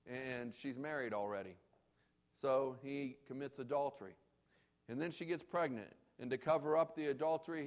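A man preaching a sermon as pastor, emphatic and repeating key phrases for weight. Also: medium pitch.

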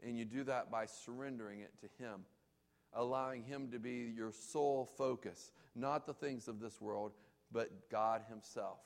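A male pastor delivers an emphatic sermon in a church. His voice has a gravelly, creaky texture at a mid pitch. He repeats key phrases to drive points home. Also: measured pace.

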